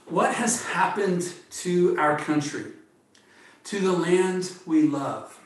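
Earnest preacher man in echoey room. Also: sits high. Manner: earnest, measured preaching with repeated appeals. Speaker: pastor. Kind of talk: sermon. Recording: echoey room, distant mic.

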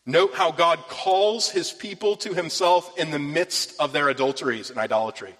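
A man's voice: on the high side, normal speed, hardly any pauses, a bit bright. A man preaching a sermon from scripture, earnest and rising with emphasis on key phrases. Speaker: pastor. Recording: long reverb of a large hall.

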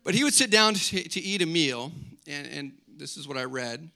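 Middle aged pastor guy preaching, chatty and fired up, high voice, super bright and sharp. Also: normal speed, creaky. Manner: energetic, conversational preaching with audience questions and asides. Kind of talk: sermon.

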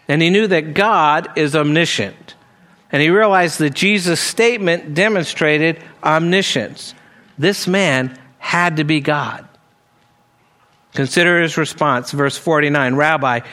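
A man with a high-pitched voice delivers a sermon, teaching earnestly through a scripture passage verse by verse. He reads the verses aloud and breaks into conversational asides. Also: fairly bright tone. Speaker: preacher.

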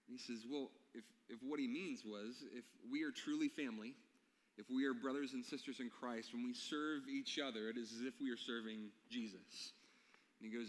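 A man's voice: medium pitch, steady tone, moderate pace, a bit bright. Man, pastor, storytelling sermon, questions to the congregation, long hall reverb.

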